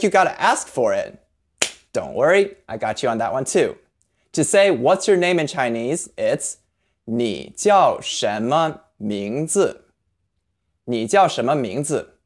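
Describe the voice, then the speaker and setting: Patient, lively language teacher. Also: mid-range voice. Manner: patient, spells sounds out slowly. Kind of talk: video lesson.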